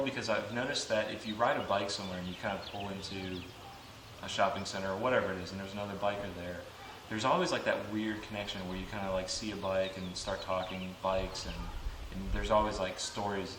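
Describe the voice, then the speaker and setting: A fairly low-voiced man from Georgia swears and rants animatedly in casual interview talk. He sits well back from the mic in an echoey room with clear background noise. He is a motovlogger talking about his riding community. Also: quick pace, far from the mic. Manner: profane, animated ranting. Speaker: motovlogger guest.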